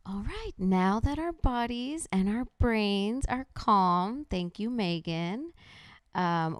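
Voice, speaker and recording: Smooth-voiced woman presenting a workshop. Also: on the low side, no room sound, clean studio sound. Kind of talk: presenting to a live room and online audience.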